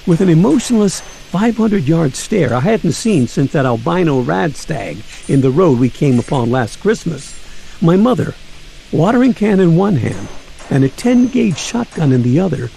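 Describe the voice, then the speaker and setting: A man's voice: fairly high pitch, big pitch swings, normal speed, vocal fry, dark tone, a little hiss or hum. A man narrating a comic holiday story in a wry, florid, nostalgic manner.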